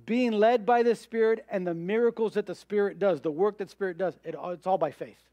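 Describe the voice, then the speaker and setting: Emphatic high-voiced male preacher. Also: a little fast, dry recording, highs cut off. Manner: emphatic preaching with rhetorical questions and voiced objections. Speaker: pastor. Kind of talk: sermon.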